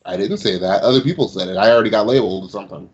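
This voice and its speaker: A man's voice: lowish voice, racing, dull audio, a crowd in the background. A man who runs a gaming channel, talking on a casual podcast, opinionated and given to casual swearing. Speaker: YouTube gaming channel host.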